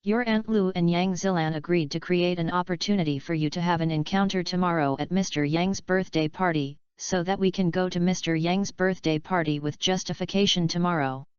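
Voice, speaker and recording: A woman narrator voices a scheming, middle-aged father from a wealthy family, pushy and eager as he lays out his plans. Her low, smooth, very clear tone stays fairly even and near everyday speech, a little fast with few pauses. The dry audio has no echo and sounds slightly dull and lo-fi.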